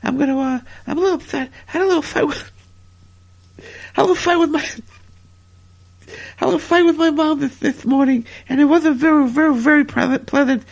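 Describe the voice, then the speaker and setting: Male comic podcast host, high and gravelly, stammering and repetitive. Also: fairly even intonation, brisk, long pauses. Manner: stammering, repetitive, chuckling storyteller. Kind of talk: comedic wrestling podcast rambling.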